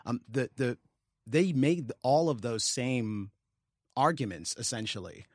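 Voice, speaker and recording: A man co-hosting a political podcast in casual chat, sardonic and halting, often repeating his words. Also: mid-range voice, expressive, breathy edge, dry recording, studio quality. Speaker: podcast co-host.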